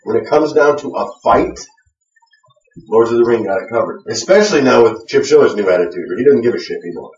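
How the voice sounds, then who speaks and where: A man's voice: mid-range voice, animated, fast, a little mellow. A man co-hosting a web wrestling show, chatting casually with lots of fillers and restarts. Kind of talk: casual chat with hesitant fillers. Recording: echoey room, distant lo-fi mic.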